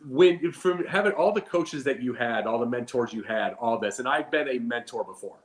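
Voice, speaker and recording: Male host, casual, long-winded questions, mid pitch. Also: expressive, moderate pace, reverberant. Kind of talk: interview questions.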